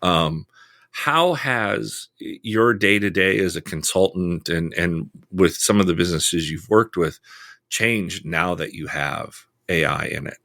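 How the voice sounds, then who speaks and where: A deep-voiced man hosts a podcast interview. He asks questions in a relaxed, curious way and pokes fun at his own nerdiness. His voice sounds close and dry, with no room echo. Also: measured pace. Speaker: podcast host. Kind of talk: casual interview chat.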